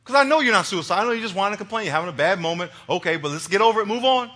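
A man's voice: high voice, animated, rapid-fire, bright, forceful tone, full character voice. A man voicing a stern, unimpressed God who speaks bluntly and dismissively. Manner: blunt, dry, matter-of-fact.

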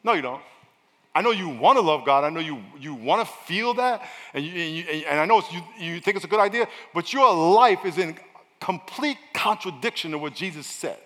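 Bright-voiced pastor preaching in an echoing hall. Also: male voice, on the high side, brisk. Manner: energetic preaching, swinging from loud shouts to quiet asides. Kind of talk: sermon. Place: large church hall. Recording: long echo of a large hall.

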